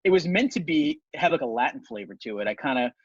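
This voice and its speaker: A man's voice: fairly high pitch, animated, quick pace, husky, no echo. A man hosting a band podcast, chatting casually and rambling with many ums about the band's songs. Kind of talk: casual chat. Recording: dull dry lo-fi sound.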